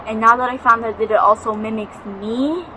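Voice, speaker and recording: A woman's voice: fairly high pitch, steady tone, normal speed, background noise. A young woman vlogging at home, telling a ghost story in a chatty, dramatic way and swearing freely. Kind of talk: casual storytelling vlog. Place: home, near a balcony.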